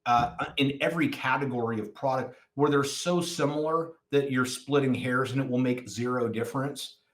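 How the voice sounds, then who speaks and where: A man as a podcast guest, telling stories in a rambling, animated way during a casual chat. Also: medium pitch, normal speed. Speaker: podcast guest, nonprofit founder.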